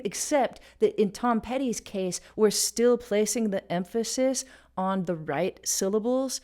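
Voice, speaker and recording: A woman's voice: medium pitch, animated, moderate pace, dark tone. A woman hosting a casual music lesson, explaining rhythm and stopping to sing and beatbox short examples. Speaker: music teacher and channel host.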